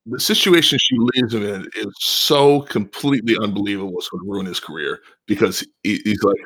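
A man with a very low voice talks through the plot of a TV episode. He is calm and measured, explaining things step by step with the odd filler. The delivery is thoughtful rather than excited. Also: husky. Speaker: podcast co-host. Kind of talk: casual analytical TV recap.

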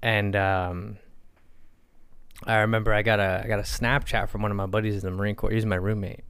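Smooth-voiced young man telling a story. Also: fairly low pitch, little pitch movement, brisk, fairly bright tone. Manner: swearing, storytelling with quoted dialogue. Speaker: podcast co-host. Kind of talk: casual chat.

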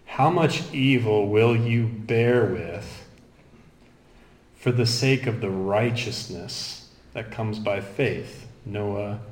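A man with a fairly low voice preaches an expository sermon. He moves from quick asides to slow, stressed readings of scripture. His voice rings around an echoey room. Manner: expository, animated, quotes scripture.

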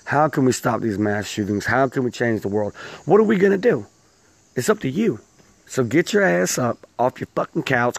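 A man's voice: medium pitch, dry recording. A man hosting his own show, delivering a profane, laughing rant. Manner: loud, swearing, laughing, animated ranting. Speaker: host.

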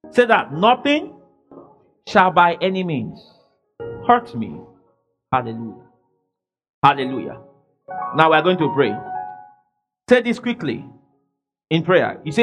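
High-voiced pastor from nigeria, really lively preaching, quiet then shouting, faint music behind. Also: male voice, slow, long pauses. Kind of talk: sermon.

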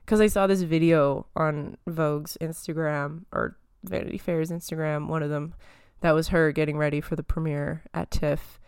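A young woman hosts a podcast, rambling through movie and TV news with lots of ums and giggles. Her slightly low voice is smooth and clean with a touch of phlegm, steady and darkish, at a normal speed with few pauses, recorded close and dry with no room sound.

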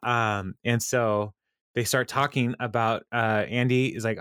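A podcast host recaps episodes in casual chat, laughing often, saying plenty of ums, and reading out quotes. His medium-pitched voice is clear, resonant, and fairly bright, with fairly even intonation and a slightly slow pace. The recording is dry, with clean studio sound.

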